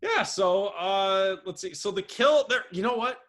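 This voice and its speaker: A young man co-hosts a podcast in a voice that sits high, keeping a measured pace. He's chatty and relaxed, often laughing while he tells his stories with animation.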